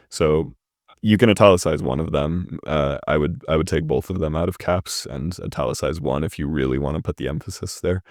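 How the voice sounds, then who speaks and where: A man's voice: rumbling low, brisk, dry recording, studio quality. A young man who hosts a channel, reading a submitted short story and giving casual feedback, often checking in with "right?". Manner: casual, hedging, ends points with "right?". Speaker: host critiquing a submitted story. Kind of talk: reading and critiquing writing.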